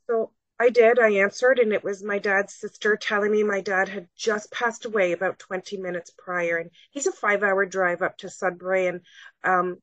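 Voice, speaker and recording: A woman's voice: mid-range voice, steady tone, moderate pace, a bit bright, no room sound. A middle-aged woman, a podcast guest earnestly recounting a personal story and re-enacting conversations in her own voice. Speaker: guest, salon owner. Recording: dull, dry lo-fi recording.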